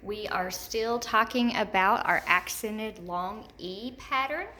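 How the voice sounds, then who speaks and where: A woman teaching a third grade word study lesson, enunciating slowly and repeating example words for young children. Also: mid-range voice, sharp tone. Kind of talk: recorded remote lesson.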